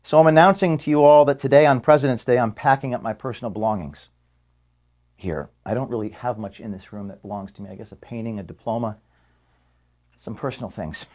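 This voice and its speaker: A man, the founder of an organization, giving an earnest farewell speech to his staff in an office. He is emotional and halting, with restarts and pauses, and is being filmed. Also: medium pitch, a little mellow. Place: office room at headquarters. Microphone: filmed by camera.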